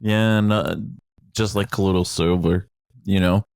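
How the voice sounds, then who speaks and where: A man's voice: low voice, steady tone, unhurried, darkish tone, clear, resonant tone. A man co-hosting a podcast, laid-back and chatty, mostly giving short agreeing replies. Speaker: podcast co-host. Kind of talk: casual conversation.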